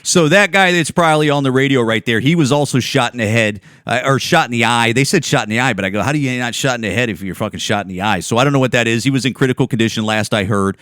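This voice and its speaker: A Chicago-area man in his forties hosts a podcast and rants angrily, swearing heavily and repeating himself. His mid-range, slightly bright voice moves quickly with few pauses. There's no room sound.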